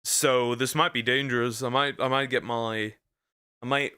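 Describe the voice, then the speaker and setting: A man's voice: medium pitch, steady tone, moderate pace, bright, forceful tone, clean tone, no room sound, clean studio sound. A man streaming as a VTuber, rambling and stammering through jokey reaction commentary. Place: lives in Germany.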